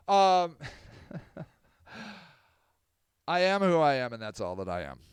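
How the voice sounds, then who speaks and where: Brief: sardonic male podcaster, lively swinging pitch, smooth voice, dry close mic. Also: takes it slowly, long pauses, no echo. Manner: rambling, sardonic, apologetic, swinging from loud to mumbled. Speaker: podcast host. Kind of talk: casual livestream podcast monologue.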